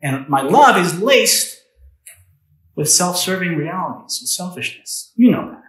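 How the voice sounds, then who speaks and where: Guy pastor giving a sermon, kinda high voice, keeps asking the crowd stuff, roomy church echo. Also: expressive, unhurried, a bit bright. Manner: conversational, asks the congregation questions.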